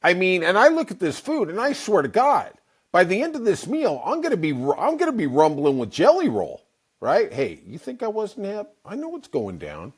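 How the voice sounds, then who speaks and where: A man's voice: high voice, sing-song, moderate pace, slightly rough. A middle-aged man hosting a podcast, telling a rambling comic story with wry asides. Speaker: podcast host. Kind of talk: casual comic storytelling monologue.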